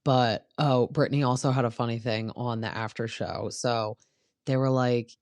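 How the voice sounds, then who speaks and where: A woman's voice: rumbling low, fairly even intonation, normal speed, a little mellow, no room sound, studio quality. A woman hosting a podcast, chatting casually through a reality TV recap and filling her talk with "like". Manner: chatty, peppered with "like". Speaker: podcast host.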